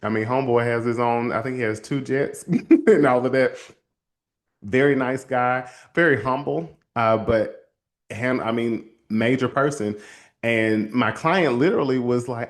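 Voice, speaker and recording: A man hosts a motivational talk and tells a long, heartfelt story about a client. He acts out the people in it, jumping up in pitch for their lines, and speaks to listeners as y'all in a casual, warm-hearted way. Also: measured pace. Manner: animated storyteller, acts out quoted voices. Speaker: host and counselor.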